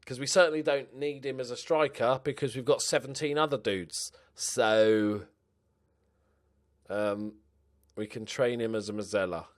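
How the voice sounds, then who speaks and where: A man's voice: medium pitch, unhurried. Chatty man commentating his game. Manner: animated, talks to himself, swears and mutters. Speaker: gaming commentator. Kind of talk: casual gameplay commentary.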